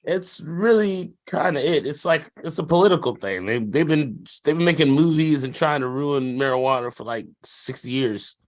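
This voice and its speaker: A man's voice: a little high, lively intonation, moderate pace, hardly any pauses. A man co-hosting a sports podcast in casual chat, rambling with lots of fillers and slang and laughing often. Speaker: podcast co-host.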